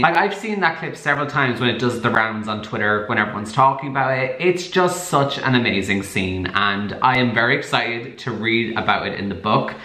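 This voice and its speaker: Brief: male vlogger, wry and chatty, bright tone, echoey room. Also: medium pitch. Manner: chatty, sarcastic, laughs often. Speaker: book vlogger. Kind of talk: casual reading vlog.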